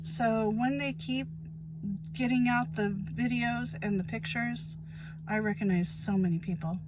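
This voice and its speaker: A woman's voice: a little high, fairly even intonation, measured pace, very noisy. A woman, speaking in a casual, emphatic monologue about her own life and repeating phrases for weight. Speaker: vlogger sharing personal experience.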